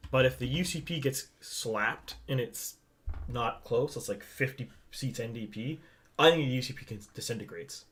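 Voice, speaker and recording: A man's voice: medium pitch, moderate pace, fairly bright tone. A man co-hosting a casual podcast, speculating at length about an election with frequent restarts, recorded on a microphone he shares with his co-host at home. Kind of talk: casual political chat. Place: home setup, not a studio.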